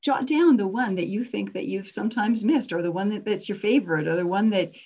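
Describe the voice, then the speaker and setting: A woman's voice: mid-range voice, brisk, a little mellow, highs cut off. A woman teaching a persuasion workshop in a casual, conversational way, often putting questions to her audience.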